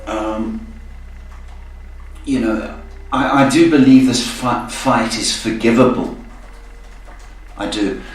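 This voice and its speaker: A man hosting a live-stream psychic reading, talking gently and often checking in with "okay?". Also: medium pitch. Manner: slow, soothing, ends phrases with "okay?". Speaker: psychic host. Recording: echoey room, mic far off, faint noise.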